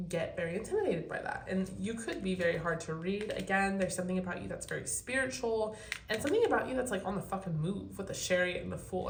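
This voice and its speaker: A woman's voice: fairly low pitch, reverberant, slight background noise. Blunt, swearing young woman tarot reader. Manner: blunt and chatty, swears freely. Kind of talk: casual tarot reading to camera.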